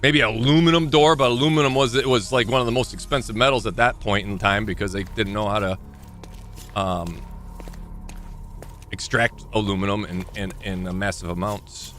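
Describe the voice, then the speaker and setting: A man's voice: on the low side, fairly even intonation, normal speed, fairly bright tone, a little hiss or hum. A young man streaming a game live, thinking aloud and rambling as he corrects himself mid-thought. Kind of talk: live gameplay commentary.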